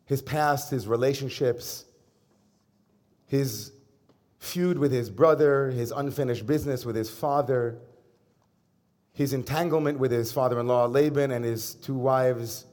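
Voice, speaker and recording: A middle-aged man preaches as a rabbi, easing into his sermon through a relaxed personal story. His delivery is conversational and lightly humorous, with a voice of middling pitch.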